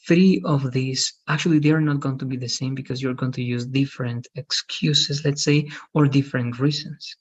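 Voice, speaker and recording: A man's voice: medium pitch, slightly rough. A male English teacher explaining grammar step by step in an online class.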